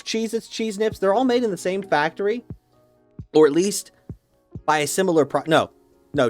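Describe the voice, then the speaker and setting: A man ranting casually and with mock certainty, swearing a lot and rambling through restarts. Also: sits high. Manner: opinionated, profane, mock-dogmatic. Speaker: YouTuber ranking snacks.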